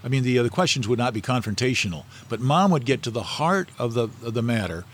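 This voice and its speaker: A man's voice: medium pitch, lively intonation, fast, slight background noise. A middle-aged man, a guest in an interview, telling stories in a rambling, anecdotal way with many fillers and restarts. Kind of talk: casual storytelling interview.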